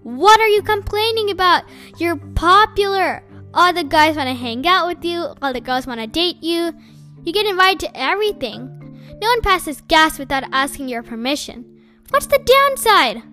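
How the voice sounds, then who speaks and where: A woman's voice: very high-pitched, expressive, moderate pace, sharp tone, soft background music, exaggerated voice. A woman voicing a teasing, brash teenage boy friend in an audiobook.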